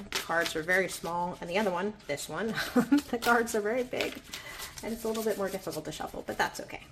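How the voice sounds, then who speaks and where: Soft-spoken gravelly woman reading tarot. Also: medium pitch, a little hiss or hum. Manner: gentle, affirming, often asks "right?". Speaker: tarot reader. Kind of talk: pick-a-pile tarot reading.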